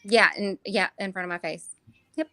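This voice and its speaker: Woman, guest, weary, flat delivery, halting, dry sound. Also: medium pitch, no echo. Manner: halting, many restarts and fillers.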